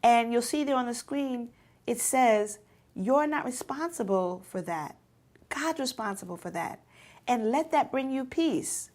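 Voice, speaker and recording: A woman's voice: fairly high pitch, animated, measured pace, darkish tone. Emphatic woman teaching a youth lesson. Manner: emphatic, repeats key points; direct, addresses teens.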